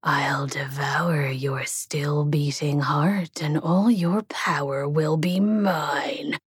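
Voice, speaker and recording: A woman voicing a menacing fanged male demon in a low, breathy, growling whisper, as whispered role-play in an audiobook story. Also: fairly even intonation, very slow, dry recording, clean studio sound, exaggerated voice.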